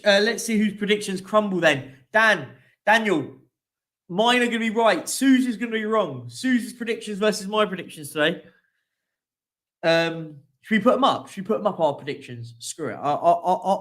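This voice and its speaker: Casual male streamer, high-pitched, loose and chatty, reads lists and greets viewers. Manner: chatty, reads out team lists and shout-outs. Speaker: streaming show host. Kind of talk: casual live-stream chat.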